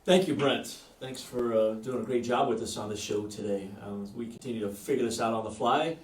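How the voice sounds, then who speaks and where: A man's voice: mid-range voice, brisk, distant mic, slight background noise. A man running for office hosts a virtual town hall, speaking off the cuff with many fillers and restarts over a video call. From Iowa. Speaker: political candidate hosting a virtual town hall. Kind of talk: unscripted campaign speech. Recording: roomy echo, off-mic.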